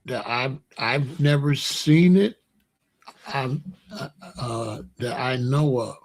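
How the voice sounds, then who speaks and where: A man's voice: medium pitch, slow pace. Older man, rambling storyteller. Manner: rambling, pointing things out. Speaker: vlogger. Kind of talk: casual storytelling.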